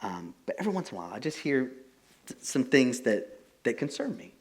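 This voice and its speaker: With a brisk, mid-range voice, this young pastor delivers a relaxed, conversational sermon. He tells stories animatedly and leans heavily on filler words such as "like."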